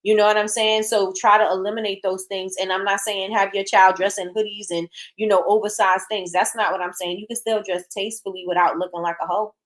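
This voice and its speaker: A woman talks bluntly as a show host, hammering home her points by saying them again and again. Her pitch sits in an ordinary middle range. She is casual and direct and reacts to viewer comments as she goes. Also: little pitch movement, brisk, hardly any pauses. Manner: emphatic, repeats phrases for emphasis; frank and blunt. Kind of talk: casual opinion talk, reading live chat.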